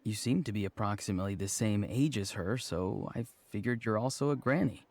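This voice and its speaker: A man's voice: fairly low pitch, darkish tone. A man voicing a dreamy young man who talks in formal, flowery riddles, in a video game. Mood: earnest. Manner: slow, formal, poetic.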